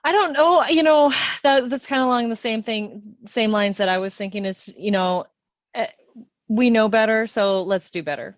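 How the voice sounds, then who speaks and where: A woman's voice: on the high side, moderate pace, no room sound, muffled recording. A woman who is a podcast guest, chiming in agreeably in casual chat.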